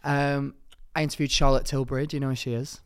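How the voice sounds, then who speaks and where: A man's voice: mid-range voice, flat delivery, fast talker, smooth. A young man co-hosting a podcast, telling jokey, rambling stories in casual chat and jumping between topics. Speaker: podcast co-host.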